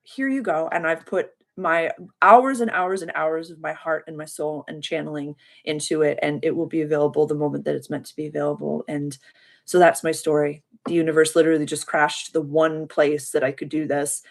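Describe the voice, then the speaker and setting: A woman's voice: sits low, fairly even intonation, brisk, creaky. A woman hosting a live call as a spiritual coach, telling a story in a heartfelt, rambling, emotional way and thanking her viewers. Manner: addresses viewers by name and thanks them warmly. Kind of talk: casual livestream chat.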